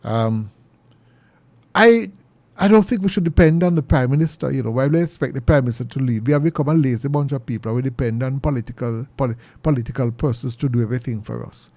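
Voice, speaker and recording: Jamaican guy ranting on his show, gravelly voice, dry close sound, goes way up high when he makes a point. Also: quick pace, darkish tone, no room sound. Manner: earnest and preachy, pitch jumps high for emphasis. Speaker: commentary show host. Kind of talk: opinion monologue.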